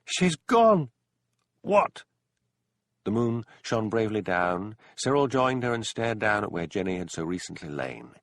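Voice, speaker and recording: A man narrating a mystery audiobook in an expressive storytelling voice, close to a studio mic. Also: lowish voice, moderate pace, hardly any pauses, dry recording.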